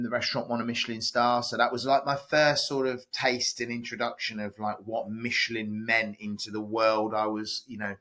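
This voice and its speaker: A chatty man tells stories as a podcast guest, his voice bright and forceful. He talks loosely, full of fillers and restarts. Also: mid-range voice. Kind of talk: casual podcast interview.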